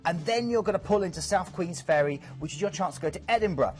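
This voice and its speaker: A man from the UK with a lively, chatty manner, presenting cruise destinations as a sales host and joking about himself. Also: sits high, fast. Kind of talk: enthusiastic sales pitch.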